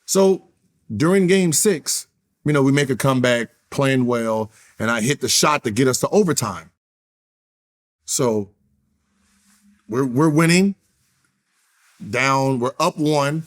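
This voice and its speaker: A man telling a basketball story in casual interview chat, profane and animated, acting out quotes in a raised voice. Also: mid-range voice, takes it slowly, long pauses. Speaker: interview guest, former basketball player.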